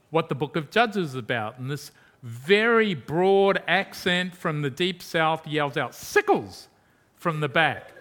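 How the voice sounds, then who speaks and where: A male preacher delivers a sermon with a bright, forceful edge to his voice. His pitch sits somewhat high for a man. He talks emphatically, throwing out rhetorical questions and dropping from loud to hushed.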